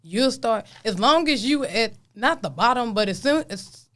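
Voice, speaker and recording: A woman's voice: a little high, expressive, moderate pace, fairly bright tone. Blunt, profane woman hosting a podcast. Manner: blunt and profane, asks probing questions. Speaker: podcast host. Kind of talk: casual podcast chat.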